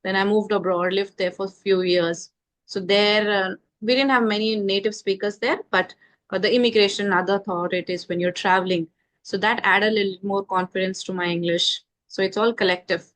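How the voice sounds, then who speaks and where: A woman in her thirties from India with an Indian accent, a confident and measured guest giving her views in a casual conversation about speaking English. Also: medium pitch, fairly even intonation, a bit bright. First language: Indian mother tongue.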